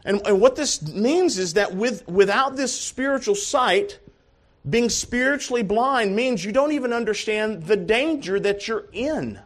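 A male pastor delivering a sermon in a high, bright-edged voice. He preaches with strong emphasis, moving between soft, close asides and loud, ringing calls. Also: expressive, a little slow. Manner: emphatic, swings from quiet asides to shouted calls.

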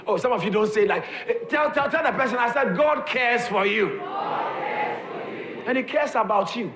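High-voiced man preaching with rising shouts. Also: expressive, quick pace, background noise. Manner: emphatic, repeats lines and builds to shouts; calls on the congregation to respond. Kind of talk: sermon. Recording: echoey room with crowd audible. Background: congregation responding.

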